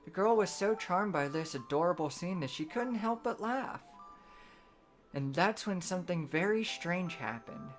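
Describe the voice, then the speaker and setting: Low-voiced woman reading a bedtime story. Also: expressive, soft background music. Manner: gentle, measured storytelling. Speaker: streamer.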